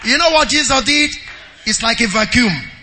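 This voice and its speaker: A man preaching to his congregation in a very bright, high voice. He calls out for amens, reads scripture aloud, and moves between quiet asides and shouted lines. His voice rings with a long reverb in a church hall. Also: expressive, moderate pace, slight background noise. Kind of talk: sermon with scripture reading.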